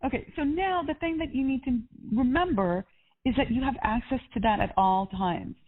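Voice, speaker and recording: A woman's voice: high-pitched, moderate pace. A woman life coach on a coaching call, talking in an upbeat, encouraging and spiritual way. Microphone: phone or call line. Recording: tinny phone-line audio.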